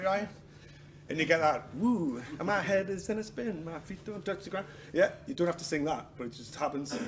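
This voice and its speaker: A man teaching a martial arts class, joking and swearing and acting out other people's lines. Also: medium pitch. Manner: joking, swears, acts out quotes. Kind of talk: class instruction with humor. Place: training hall. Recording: echoey hall with noise.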